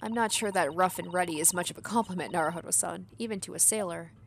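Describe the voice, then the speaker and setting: A woman's voice: on the low side, fast talker, vocal fry, slight background noise. A woman voicing a courteous, formal young female assistant while reading a game aloud.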